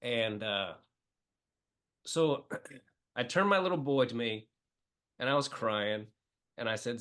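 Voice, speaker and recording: A man's voice: medium pitch, takes it slowly, pauses often, fairly bright tone, clean tone. A middle-aged man from the Midwest, a comedian talking as a podcast guest, telling emotional stories with many fillers. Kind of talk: casual interview chat.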